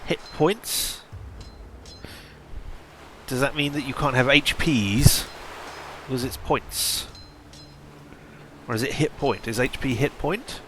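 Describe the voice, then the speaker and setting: A man's voice: medium pitch, slow pace, pauses often, fairly bright tone, slight background noise. A man hosting a casual let's play video, commenting on a game in a rambling, self-mocking way.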